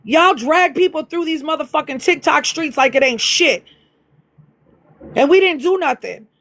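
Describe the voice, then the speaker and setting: A woman's voice: sits high, expressive, moderate pace, a bit bright. A woman hosting a livestream, talking bluntly and profanely in a fired-up rant. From US Midwest, near Chicago. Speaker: livestream host. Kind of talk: heated casual livestream rant.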